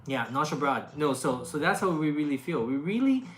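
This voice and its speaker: Speaking briskly with lively intonation in a low voice, this food-video creator chats casually while answering questions. Fillers, restarts and laughter are frequent, and faint music plays in an echoey room.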